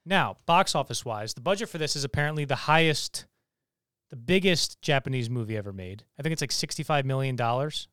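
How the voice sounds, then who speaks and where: Young male co-host, lively review banter, clean dry mic. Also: medium pitch, smooth, dry recording. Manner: animated, quick asides and self-corrections. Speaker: podcast co-host. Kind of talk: casual movie review chat.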